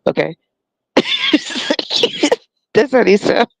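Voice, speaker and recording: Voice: medium pitch, normal speed, no echo, low-quality recording. A podcast host giving a sarcastic, profane solo rant, often laughing.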